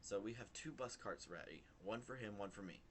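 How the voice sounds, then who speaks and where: A young man vlogging, retelling a work story in a rambling, animated way with lots of fillers. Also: on the low side, fairly quick, a little hiss or hum. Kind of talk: casual storytelling to camera.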